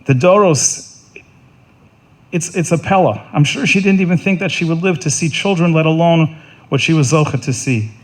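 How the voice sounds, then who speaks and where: Earnest, halting man giving a eulogy. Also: on the high side. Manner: earnest, halting, repeats words and restarts. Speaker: eulogist at a funeral. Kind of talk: funeral eulogy. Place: funeral service.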